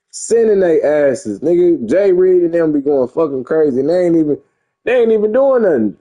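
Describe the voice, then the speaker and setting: Playing a football video game, this young streamer gives casual, profane commentary full of rambling and bragging. He sounds fairly high-pitched, animated, and fairly quick, with a warm tone.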